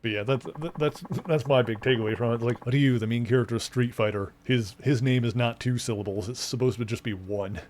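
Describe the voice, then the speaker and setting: A man talks over his gameplay in a loose, rambling way, circling back on his points and filling gaps with "uh" and "like." His pitch sits in an ordinary middle range, and there is a faint hum of background noise behind him. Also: brisk, few pauses, darkish tone. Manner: rambling, explains at length with many fillers. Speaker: streamer. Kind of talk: casual let's-play commentary.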